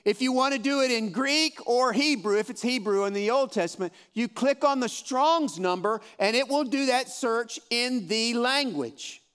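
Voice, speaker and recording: High-voiced man teaching Bible study. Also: moderate pace, hardly any pauses, a bit bright, clear, resonant tone. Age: 50s. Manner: encouraging, folksy, repeats himself. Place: room with a live audience, also streamed.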